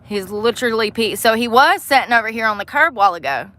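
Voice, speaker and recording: A woman's voice: a little high, animated, fast talker, bright, forceful tone. A woman vlogging to a phone camera from inside her parked car, chatty and profane, breaking into laughter often. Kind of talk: casual chat to camera.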